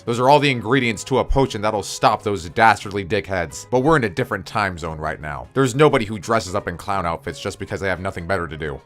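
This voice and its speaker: A man's voice: on the low side, fairly bright tone. A young man telling a personal story in a casual, crude, joking way with mock-spooky flourishes.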